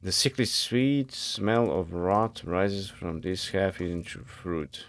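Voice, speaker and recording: A man's voice: low voice, takes it slowly. A man commenting casually on his gameplay and reading the game's text aloud in a laid-back, muttering way. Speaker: gameplay streamer.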